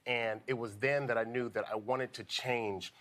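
A man in his forties talks as a guest in a TV studio. His voice sits at an average pitch, and he tells his story in an earnest, animated way. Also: normal speed. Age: 40s. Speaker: author and guest. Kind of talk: morning TV interview.

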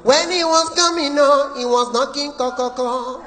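A man voicing a middle-aged churchwoman who sings loudly in a high, wailing sing-song, live in an echoey hall. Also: moderate pace, a little hiss or hum. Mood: shrill singing.

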